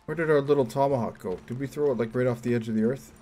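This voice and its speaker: A young man streaming a game, joking crudely and breaking into loud whoops and yelps. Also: mid-range voice, rapid-fire, slight background noise. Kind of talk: casual livestream chat while playing.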